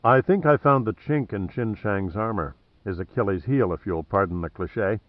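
A man reading an audiobook plays a wry, cocky male adventurer who stays cool under threat, mocking and deliberate. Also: on the low side, no echo, highs cut off, close to an everyday voice.

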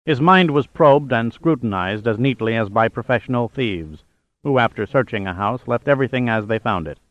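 A man reading a thriller audiobook in a measured, even narration. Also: mid-range voice, no echo, lo-fi sound. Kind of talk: scripted narration.

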